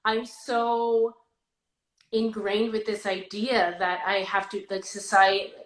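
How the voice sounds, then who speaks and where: Speaking slowly in a mid-range voice, this thirtysomething podcast host talks openly and with energy in casual conversation, often restarting her sentences as she rambles. The audio is poor and reverberant.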